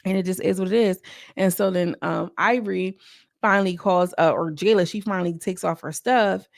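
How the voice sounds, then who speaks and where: Chatty woman with a gravelly voice. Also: lowish voice, normal speed, no room sound, clean studio sound. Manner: chatty, slangy, quotes cast members in mocking voices. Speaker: reality show recap vlogger. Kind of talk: casual recap commentary.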